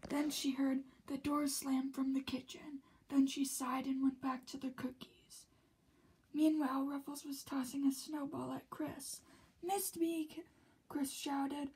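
A woman reads a children's story aloud in a high, light voice. She takes her time, unhurried and gentle. Much of the narration falls to a soft whisper. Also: flat delivery, poor audio. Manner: slow and soft, often drops to a whisper. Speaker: reader of a children's book.

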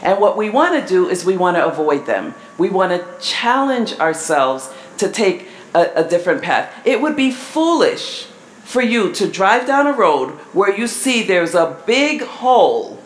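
A woman giving a live seminar talk to an audience, measured and asking the crowd questions. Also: mid-range voice, very animated. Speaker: family seminar presenter. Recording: echoey hall with faint room noise.

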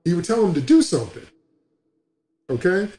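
A man's voice: sits high, huge pitch swings, normal speed, mellow, echoey room. A man preaching a sermon as a pastor, emphatic and repetitive, in a livestream broadcast.

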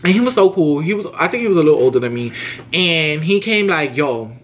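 A young man telling a casual storytime to camera, slangy and emphatic, often jumping his pitch up high to act out what people said. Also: fast talker, a little hiss or hum. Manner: animated, slangy and emphatic, acts out quotes with big pitch jumps. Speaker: vlogger.

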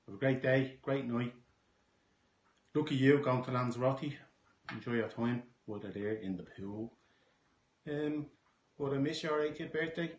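A man's voice: mid-range voice, a little slow, long pauses. Guy wishing his dad happy birthday, laid back and jokey, roomy echo. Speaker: son sending a birthday message. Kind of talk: casual recorded greeting.

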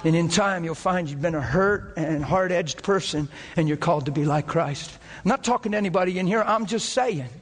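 A man preaching a sermon in a church, impassioned and rapid-fire, his voice climbing toward near-shouting peaks. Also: a little high, long reverb tail, slight background noise.

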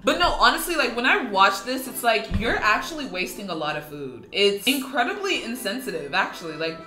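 A woman's voice: mid-range voice, bright, forceful tone. A young woman giving casual, incredulous, sarcastic reaction commentary as a YouTuber. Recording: echoey room with music playing.

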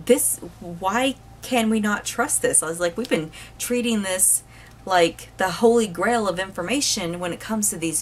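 Woman, casual book reviewer, animated, exasperated, rambling, quick to laugh. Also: lowish voice, slight background noise.

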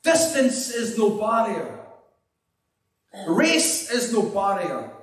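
Scottish guy preaching, high-pitched, big booming hall echo all around him. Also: wildly swooping pitch, slow. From Scotland. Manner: earnest, repetitive preaching cadence; drops to a hushed voice in prayer. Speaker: pastor. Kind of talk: sermon with prayer. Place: church hall. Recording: echoey hall, mic at a distance.

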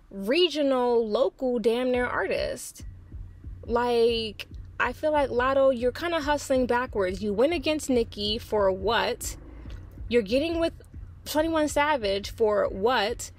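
A woman giving blunt, profane, exasperated pop culture commentary on her own. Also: fairly high pitch. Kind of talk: opinionated solo commentary.

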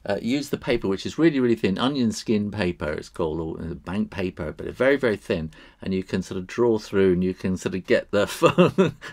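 A man's voice: on the low side, darkish tone. A man hosting a live drawing stream, chatting with viewers as he works. He talks in a rambling way, chuckles often and uses many fillers.

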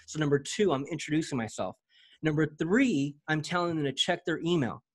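An energetic man with a slightly raised pitch, talking through a software demo in loose, slangy chat. He stumbles and repeats words as he gets excited, keeping it casual and hyped. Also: brisk. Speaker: presenter demoing software.

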